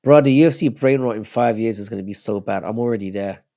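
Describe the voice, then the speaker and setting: A man's voice: on the low side, fast, mellow. A young man hosting a casual live stream, chatting loosely and answering viewers' messages as he reads them out. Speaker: livestream host.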